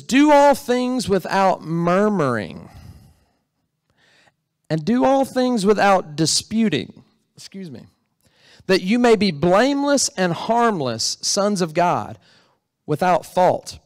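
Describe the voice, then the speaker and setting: A man preaches a sermon to his church congregation. He talks in a conversational way and often asks the room questions. His voice sits somewhat high for a man, and the sound is close and dry. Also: very animated, slow pace, dry recording. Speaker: pastor. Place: church sanctuary.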